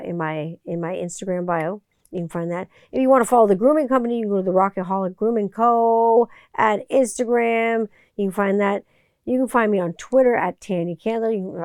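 A woman's voice: mid-range voice, darkish tone, smooth, no room sound, clean studio sound. A woman hosting a podcast in a casual, rambling monologue, full of "like" and "you know.". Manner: rambling, filler-heavy. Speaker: podcast host.

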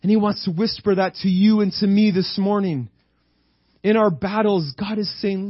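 A male preacher delivering a fervent sermon, his voice sitting a bit high as he stacks phrase on phrase. The sound is dry and slightly dull, with no room around it. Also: normal speed, no room sound. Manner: fervent, repetitive emphasis, calling out "Amen?".

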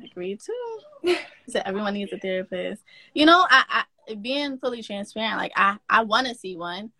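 Bright, chatty woman podcast host. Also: medium pitch, normal speed, no echo. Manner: animated and chatty, with frequent laughter and affirming "mm-hmm"s. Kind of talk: casual girl-talk interview.

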